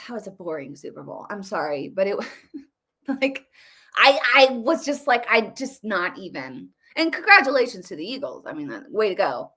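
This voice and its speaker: A middle-aged American woman hosting casual political commentary, talking excitedly with frequent repeats and restarts. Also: mid-range voice, normal speed, slightly rough.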